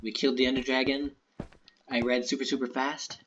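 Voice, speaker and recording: A man's voice: mid-range voice, level tone, fairly quick, fairly bright tone, slight background noise. A sleepy man hosting a gaming video, chatting and rambling loosely, trailing off with fillers and giddy asides. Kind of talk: casual let's-play chat and reading aloud. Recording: slightly muffled, game music behind. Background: game music.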